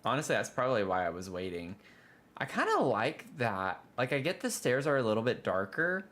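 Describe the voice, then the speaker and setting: With wildly swooping pitch around a medium register, a fairly bright tone, and a fairly quick pace, a man chats through a building game on his livestream. The frustrated streamer complains about bugs and groans dramatically when things go wrong.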